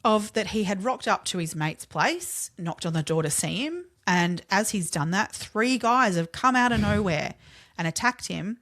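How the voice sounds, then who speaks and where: A woman co-hosts a true-crime podcast, recounting the case in a loose, conversational way. She sprinkles her talk with "like" fillers and casual swearing, and her voice sits at a middle pitch. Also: lively intonation, normal speed, fairly bright tone. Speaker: podcast co-host.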